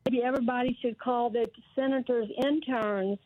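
A woman's voice: on the high side, fairly even intonation, normal speed, darkish tone, a little hiss or hum. An older woman calling in to a radio show, talking earnestly in long run-on thoughts. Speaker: caller. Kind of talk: call-in radio. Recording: dry tinny phone line.

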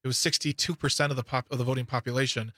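A man's voice: medium pitch, steady tone, racing, pushed and bright, no echo. A man hosting a political talk radio show, talking casually with sarcastic asides and frequent stammered restarts into a studio microphone.

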